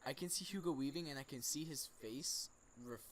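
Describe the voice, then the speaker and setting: A man's voice: on the high side, a little fast. A man co-hosting a casual pop-culture chat, thinking aloud with hesitant, trailing phrases. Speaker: co-host.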